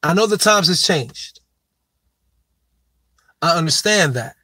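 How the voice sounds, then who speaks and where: Speaking slowly but expressively, a male sports commentator with a slightly high voice gives a profane, emphatic monologue lecturing his subject. He hammers home his main point by repeating it with heavy stress, in a pushed, bright tone with no room sound.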